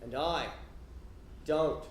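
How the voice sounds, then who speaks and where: An Australian man telling an animated comic story live on stage, sometimes building to loud, laughing shouts. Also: on the high side, drawn-out words, noisy background. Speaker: comedian storyteller. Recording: roomy live venue echo.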